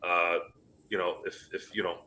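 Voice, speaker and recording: Man, deep voice, forceful tone, casual sports chat, emphatic. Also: flat delivery, normal speed, slight background noise. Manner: emphatic, swears, gives advice.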